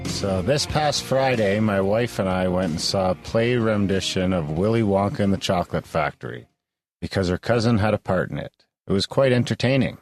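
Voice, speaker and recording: Man, very low voice, co-host trading jokes, dry close sound. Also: moderate pace, dry recording, faint music behind. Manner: teasing, joking banter. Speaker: podcast co-host. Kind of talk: casual chat.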